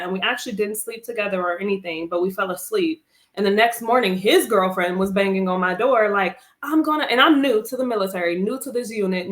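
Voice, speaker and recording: A woman's voice: medium pitch, a bit bright, roomy sound. A woman, an army veteran and interview guest, telling her personal story candidly and expressively, acting out her own past words.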